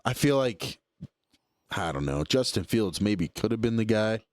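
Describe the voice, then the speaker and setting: A young man co-hosting a podcast, chatting casually about sports in a relaxed, rambling way with lots of fillers. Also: on the low side, unhurried, no echo, clean studio sound. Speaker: podcast co-host.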